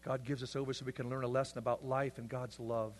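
A male pastor preaching a sermon, swinging between loud, impassioned passages and hushed, intense ones. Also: mid-range voice, little pitch movement, quick pace, a little hiss or hum. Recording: long hall reverb.

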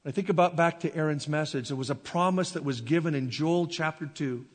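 A man preaching a sermon, telling a personal story in a halting, emotional way, stumbling over and repeating his words. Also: on the high side, big-room sound. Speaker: pastor. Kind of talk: sermon testimony.

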